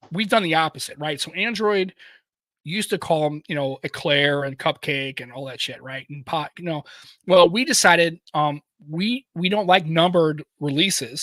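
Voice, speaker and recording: A man's voice: fairly high pitch, bright, forceful tone, no room sound. Joking, swearing American man chatting. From United States. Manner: loose, joking, swears freely. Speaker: podcast co-host. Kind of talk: casual chat.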